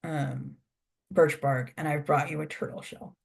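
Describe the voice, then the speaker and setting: An earnest, confident young warrior, voiced by a storyteller in a plain everyday voice speaks in a spoken folk tale. His voice sits at an ordinary middle pitch. He is polite and sure of himself. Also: steady tone, measured pace, creaky, husky.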